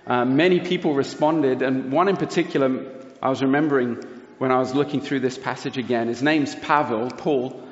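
A man gives a sermon, telling his story with earnest, lively energy. His voice sits at an ordinary middle pitch. It rings through a large, echoing hall on a dull, lo-fi recording. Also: normal speed. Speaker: preacher. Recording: roomy hall reverb, dull lo-fi sound.

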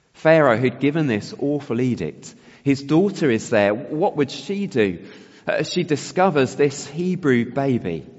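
A man's voice: medium pitch, a little mellow. A man preaching a sermon, reflective and often asking his listeners rhetorical questions. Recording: long hall reverb, dull sound.

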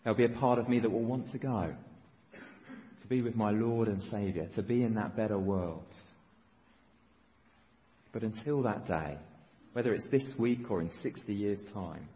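A man's voice: fairly low pitch, moderate pace, long pauses, dark tone. Male pastor, earnest exhortation, dull recording in an echoing church. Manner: earnest, exhorting with short repeated phrases. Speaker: preacher. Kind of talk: sermon. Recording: dull recording with long reverb in a church hall.

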